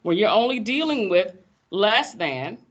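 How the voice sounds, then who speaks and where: A woman teaching math in a classroom, lively and folksy, teasing her students as she explains. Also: mid-range voice, unhurried, muffled recording. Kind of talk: classroom lecture.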